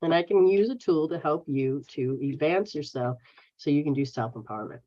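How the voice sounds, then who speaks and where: A woman's voice: sits low, a little fast, warm tone. An American woman hosting a live stream as a spiritual healer, talking bluntly and casually and swearing freely as she answers viewers. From United States. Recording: dull lo-fi stream audio.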